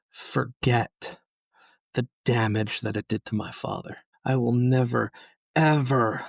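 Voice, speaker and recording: A man in his thirties from New York hosting a podcast, slowly and solemnly recalling a painful day, with flashes of anger. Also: medium pitch, creaky, dry recording, studio quality. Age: 30s. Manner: solemn, slow and measured with angry emphasis. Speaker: podcast host. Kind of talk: personal reflective monologue.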